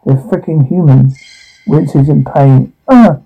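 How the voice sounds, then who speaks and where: A man performing a one-man audio drama, reading every part and the sound cues aloud, shouting and pleading in turns. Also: a little high, lively intonation, a little slow, creaky, highs cut off.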